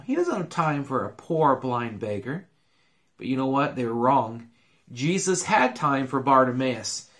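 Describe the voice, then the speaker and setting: A man telling a Bible story to children, in an earnest and expressive storytelling manner. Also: a little high.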